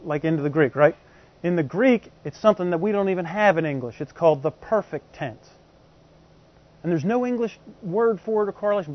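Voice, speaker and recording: A man's voice: high voice, no echo. A man preaching a teaching sermon in a conversational way, explaining with everyday examples and often checking that his congregation is following. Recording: slightly dull, muffled recording.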